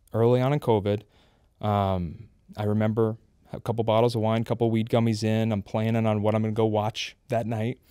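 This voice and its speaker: A man's voice: lowish voice, dark tone, smooth, no room sound, clean studio sound. A man in his thirties, a podcast guest, telling his personal story in an earnest, confessional way. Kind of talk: candid personal testimony.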